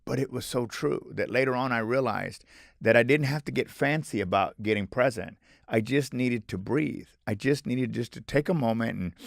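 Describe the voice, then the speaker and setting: A middle-aged man, a guest author, telling stories in an animated, emphatic way on a podcast. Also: lowish voice, gravelly, no room sound, clean studio sound. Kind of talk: conversational podcast interview.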